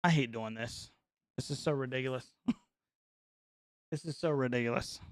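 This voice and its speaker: A middle-aged man from North Carolina hosting a casual live reaction stream, joking and mocking his chat with excitable banter. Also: medium pitch, normal speed, no room sound, studio quality.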